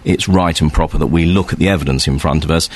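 A man interviewed on radio as a police commissioner, answering in a measured, careful way. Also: rumbling low, no echo.

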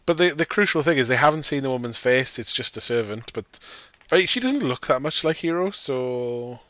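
A young man riffing sarcastically through a film plot, swearing freely and chuckling at his own jokes. His voice sits at an ordinary middle pitch, recorded close and dry with no room sound. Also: animated, brisk, fairly bright tone, no echo. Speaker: podcast co-host. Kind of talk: casual film discussion.

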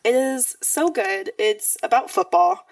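A woman's voice: sits high, animated, unhurried, gravelly, no echo, far from the mic. A young woman co-hosting a podcast, chatting casually and rambling with lots of fillers. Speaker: podcast co-host. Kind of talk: casual chat.

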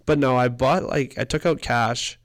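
A man's voice: mid-range voice, normal speed. A man, co-hosting a casual chat and telling a long story in a rambling way, laughing often and swearing. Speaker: podcast co-host.

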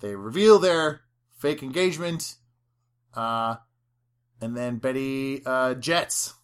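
A chatty podcast co-host retelling a film's plot in a casual discussion. The voice sits at a middle pitch and moves through the story with quoted lines. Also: slow pace, clean tone.

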